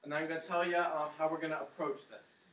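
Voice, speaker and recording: Guy giving a sermon, tells the story big and dramatic, sharp bright voice, roomy church echo. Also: a little high, little pitch movement, fast. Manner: dramatic storytelling, leads chanting. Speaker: preacher. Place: church hall. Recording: echoey hall, mic at a distance.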